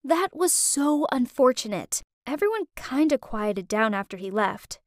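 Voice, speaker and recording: A young woman narrating a dramatic first-person story in a lively, emotive way. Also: high-pitched, measured pace, dry recording, studio quality.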